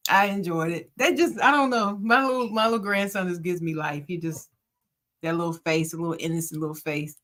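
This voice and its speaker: A woman's voice: lowish voice, a little fast, fairly bright tone. An older woman, a grandmother, co-hosting a podcast in casual, rambling chat. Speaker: podcast co-host.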